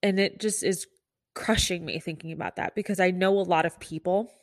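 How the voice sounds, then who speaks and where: Chatty woman podcaster, lowish dry voice. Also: steady tone, fairly quick, no room sound. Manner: candid, chatty, full of likes and restarts. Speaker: nurse and podcast host. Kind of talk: casual solo podcast talk. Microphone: podcast microphone.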